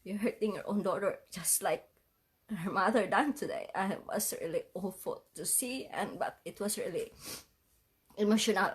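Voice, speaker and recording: A tearful woman talks straight to her viewers, her voice unsteady from crying. She speaks in halting phrases, apologizing again and again and half-laughing through the tears. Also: mid-range voice, husky. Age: adult parent. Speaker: vlogger. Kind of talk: emotional livestream vlog.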